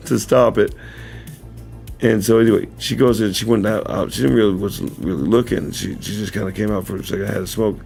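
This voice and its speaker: The host of this casual livestream has a lowish, gravelly, slightly mellow voice with fairly even intonation and a moderate pace. He tells a rambling story, correcting himself and chuckling a lot, then speaks earnestly to viewers. Faint music plays; it's recorded on a camera mic.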